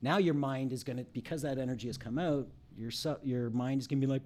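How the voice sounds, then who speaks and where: A man's voice: medium pitch, fast, darkish tone. A middle-aged man, an emotional recovery coach, talking candidly in a casual interview and acting out bits of dialogue as he tells stories.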